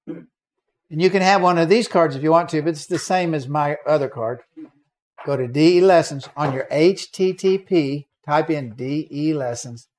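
A man preaching to a congregation, his voice sitting a little higher than most men's. He tells stories with energy, acting out the voices of the people in them and breaking into shouts at the high points. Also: normal speed. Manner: animated, acts out quoted voices and shouts. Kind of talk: sermon storytelling.

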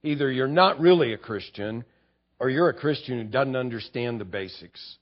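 A man's voice: mid-range voice, expressive, moderate pace, highs cut off. A man preaching an expository sermon as pastor, teaching earnestly and building to fervent emphasis.

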